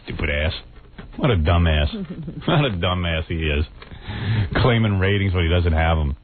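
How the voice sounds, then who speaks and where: A man's voice: deep voice, very animated, normal speed, crowd noise. A man hosting a radio show, talking in a casual, sarcastic, mocking way. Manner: sarcastic, mocking, laughs often. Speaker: radio host. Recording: tinny phone-like broadcast.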